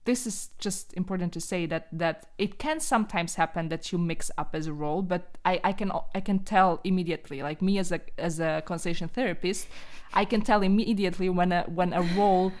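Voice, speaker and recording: A woman's voice: on the low side, a little fast, hardly any pauses, darkish tone. A woman who works as a constellation therapist, talking in a casual podcast chat, thoughtful and often checking in with "right?".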